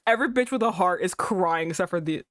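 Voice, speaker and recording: A woman's voice: on the low side, fairly bright tone, no room sound. A woman streaming a game live, gushing and exclamatory in casual commentary.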